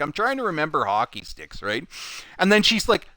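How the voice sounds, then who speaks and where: A man casually telling an anecdote from his job, animated and full of "like", laughing as he goes. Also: extremely high pitch, a little fast, dry recording. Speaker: recycling plant worker telling a story.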